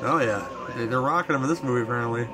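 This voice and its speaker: A man's voice: mid-range voice, rapid-fire, music in the background. Laid-back man hosting. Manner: laid-back, rambling with fillers and restarts. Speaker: podcast host. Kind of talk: casual movie commentary chat.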